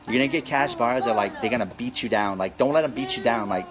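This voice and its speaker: A man's voice: mid-range voice, fast, music in the background, rough recording. A man coaching real estate wholesalers in a live Q&A, talking energetically and repeating his key points for emphasis. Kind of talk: live Q&A with viewers.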